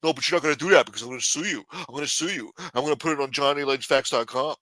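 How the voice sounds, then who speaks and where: A man's voice: a little high, rapid-fire, pushed and bright, no echo, voice pushed up, low-quality recording. Man doing a nagging, pestering heckler. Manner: nagging, accusatory. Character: pestering male gadfly heckling an official.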